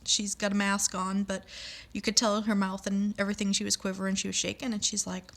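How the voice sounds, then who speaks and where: A woman's voice: mid-range voice, little pitch movement, a little fast, creaky, a bit bright. Woman telling an emotional personal story. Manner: emotional, acting out quoted voices.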